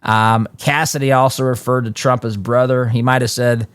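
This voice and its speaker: A man hosting a political talk show, reading news reports aloud and adding quick, emphatic asides with frequent restarts. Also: mid-range voice, flat delivery, smooth, dry recording, studio quality. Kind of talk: political commentary monologue.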